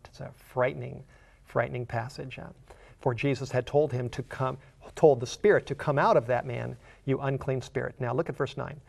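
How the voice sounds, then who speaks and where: A man teaching a Bible study, who reads scripture slowly and asks the listener earnest questions. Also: medium pitch, steady tone, gravelly, darkish tone. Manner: earnest, slows down to read scripture aloud.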